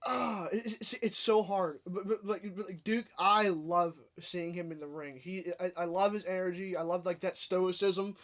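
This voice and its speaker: A man's voice: high voice, fairly even intonation, moderate pace, hardly any pauses, a bit bright. A man guesting on a casual podcast, who stammers and repeats words and laughs often.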